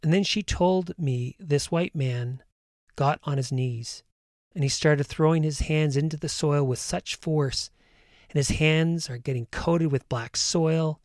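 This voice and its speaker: A man hosting, earnestly retelling a story and guiding a calm breathing meditation. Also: a little high, unhurried, no echo, studio quality.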